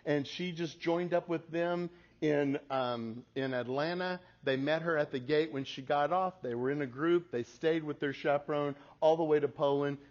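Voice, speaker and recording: A man in his forties giving a talk to an audience, telling a family story in an animated way and laughing at his own stories. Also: fairly high pitch. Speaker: speaker. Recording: slightly muffled lo-fi recording.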